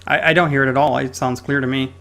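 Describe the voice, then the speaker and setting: A man's voice: mid-range voice, fairly even intonation, fast, creaky, a bit bright. A man hosting a casual gaming podcast, chatty and loose, talking while he fiddles with his audio settings. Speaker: podcast host.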